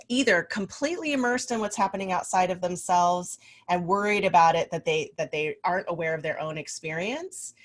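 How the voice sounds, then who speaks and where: A woman hosting an interview, explaining ideas thoughtfully and voicing quoted thoughts brightly. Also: fairly low pitch. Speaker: interview host and coach. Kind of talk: casual interview chat.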